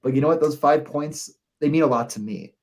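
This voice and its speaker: A man's voice: on the high side, brisk, a little mellow. A young man from the Buffalo area, co-hosting a casual betting podcast and thinking aloud over odds. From Buffalo area, New York. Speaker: podcast co-host.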